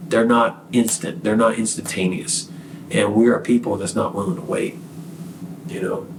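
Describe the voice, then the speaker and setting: A man's voice: lowish voice, steady tone, moderate pace, gravelly, echoey room, far from the mic, noisy background. A man, a podcast guest, giving an earnest, preachy faith testimony full of fillers and restarts. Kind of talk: casual testimony.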